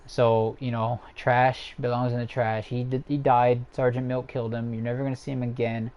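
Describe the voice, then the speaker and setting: A man's voice: mid-range voice, little pitch movement, normal speed, few pauses, a little mellow. A young man hosting a livestream from home, ranting casually and profanely with many fillers and restarts. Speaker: livestream host ranking characters.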